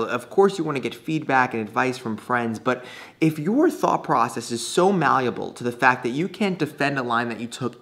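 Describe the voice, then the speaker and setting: Man, poker coach, casual monologue, chatty, restarts, mid pitch. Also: fairly bright tone. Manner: chatty, laughs often, frequent restarts and fillers. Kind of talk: casual talking-head monologue.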